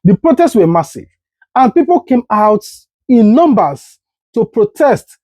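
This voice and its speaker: A woman's voice: a little high, big pitch swings, a little slow, warm tone, no room sound. A Nigerian woman hosting political commentary, speaking in an indignant, rhetorical way. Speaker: commentary host.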